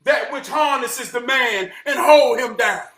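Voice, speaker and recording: A man with a Southern US accent giving an inspirational talk, preaching and building to shouts before dropping low. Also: a little slow. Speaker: motivational speaker.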